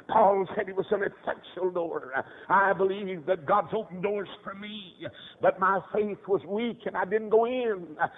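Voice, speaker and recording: An older man preaching a revival sermon, fervent, moving from hushed storytelling to high shouted cries. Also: slightly rough. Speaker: evangelist preacher. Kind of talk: old-time revival sermon. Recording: tinny lo-fi sermon tape.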